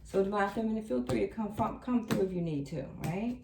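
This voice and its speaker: Animated woman reading tarot in an echoey room. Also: medium pitch, brisk, vocal fry, background noise. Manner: animated, repeats quoted messages emphatically. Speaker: tarot reader. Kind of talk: tarot reading channeling messages. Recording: echoey room, a bit distant from the mic.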